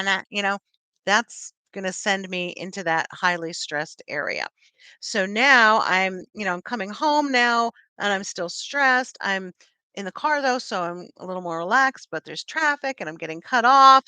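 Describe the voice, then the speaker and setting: Middle-aged woman teaching a class on dementia, bright punchy voice, lively, dry close sound. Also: mid-range voice, dry recording. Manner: lively, acts out scenes with voices. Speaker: dementia care educator. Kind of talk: lecture explaining a chart.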